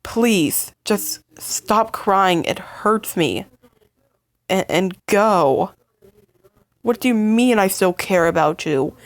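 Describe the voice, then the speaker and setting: A woman voicing an upset young partner in a fight with the listener, stammering and halting in emotional outbursts. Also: medium pitch, animated, no echo. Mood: resigned. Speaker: voice actor in a listener role-play. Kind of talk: listener role-play audio drama.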